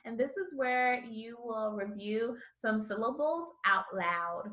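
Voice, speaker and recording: Woman teacher going slow n encouraging, says syllables for you to repeat, echoey room. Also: a little high, bright, forceful tone. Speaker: Spanish teacher. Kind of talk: online language lesson.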